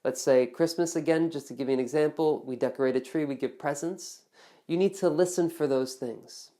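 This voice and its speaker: A woman's voice: low voice, a little fast, warm tone. A woman teaching test-prep speaking strategies in a casual, conversational way, often checking in with the viewer. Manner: conversational, checks in with "okay?", acts out example dialogue. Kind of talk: casual instructional explanation to camera.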